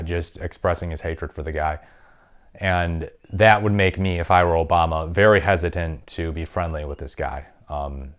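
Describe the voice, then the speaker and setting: A man hosting a political commentary vlog, talking in an opinionated, conversational way with frequent ums. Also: sits low. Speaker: political commentary channel host.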